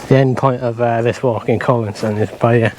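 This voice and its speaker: A man's voice: medium pitch, fairly even intonation, fairly quick. A Welsh man giving casual, self-mocking commentary while hiking outdoors, hot and weary from the heat. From Wales. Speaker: walking vlogger. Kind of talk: casual walking commentary to camera. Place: outdoors in rural fields and paths. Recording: outdoor ambience noise behind the voice.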